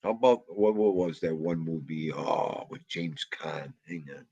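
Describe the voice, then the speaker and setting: A man's voice: a bass voice, steady tone, unhurried, vocal fry, dark tone, breathy edge, no room sound, highs cut off. A man hosting a casual livestream, rambling about old movies, muttering asides to himself and greeting chat. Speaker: livestream host.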